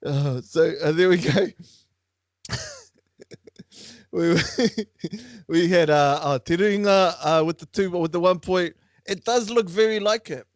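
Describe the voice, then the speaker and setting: A man hosting a lively quiz for a class, playful and teasing with frequent laughter. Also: high voice, slow pace, pauses often, dry recording. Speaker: online class quiz host.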